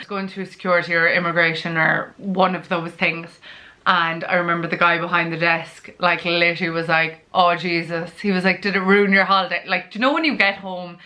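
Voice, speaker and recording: Young Irish woman, casual storytime vlogger, slightly low pitch, bright forceful tone. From Ireland. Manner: chatty, full of "like" fillers, acts out her own panicked quotes.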